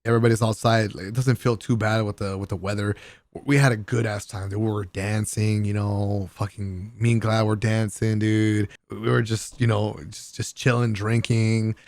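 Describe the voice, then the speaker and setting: A gaming content creator telling a casual vlog story about a party, excitable and profane, often laughing and using slang. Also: male voice, lowish voice, moderate pace, no echo.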